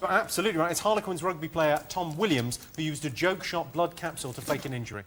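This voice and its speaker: Male quiz host, dry and brisk, rapid delivery, slightly high pitch. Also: fairly bright tone, a little hiss or hum. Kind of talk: hosting a TV quiz.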